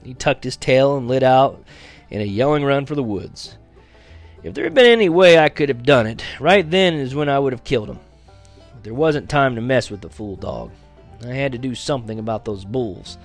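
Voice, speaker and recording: A man reading a first-person frontier story aloud, lively and dramatic, slowing down at tense moments. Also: medium pitch, soft background music. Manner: lively, dramatic, slows for action beats. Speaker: audiobook reader.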